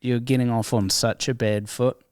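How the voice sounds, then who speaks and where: A guest comedian with a New Zealand accent tells stories in a relaxed, casual interview, his mid-pitched voice animated and breaking into laughs. He speaks at a moderate pace with a clean tone, and the recording is dry and close with no room sound.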